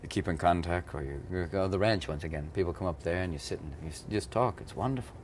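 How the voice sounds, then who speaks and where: A man's voice: low-pitched, fast talker, a little mellow, slight background noise. An American man in his thirties, talking in a rambling, playful way in an interview, often slipping into comic voices. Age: 30s. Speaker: interviewed actor. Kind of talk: playful press junket interview.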